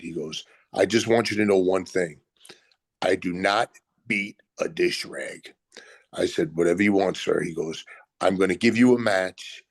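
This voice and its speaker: Brief: older New man, gravelly low voice, emphatic storyteller acting out quotes. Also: dry recording. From Brooklyn, USA. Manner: acts out others' lines in quotes, emphatic. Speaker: retired pro wrestler guest. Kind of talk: animated storytelling.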